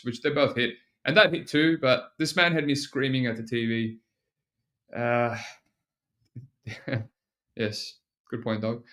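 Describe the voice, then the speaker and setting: This man hosts a solo podcast, talking casually and rambling in a self-mocking way, full of fillers and restarts. His voice sits at medium pitch with a slightly bright tone.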